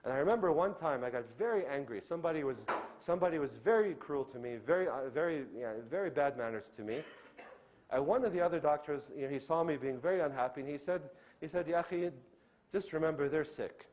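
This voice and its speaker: A man's voice: fairly high pitch, expressive, quick pace, darkish tone, a little hiss or hum. Earnest male lecturer, raised voice. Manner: earnest, asks the audience questions and answers them himself; often checks in with "okay?". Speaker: doctor and Islamic lecturer. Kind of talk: religious lecture to a live audience.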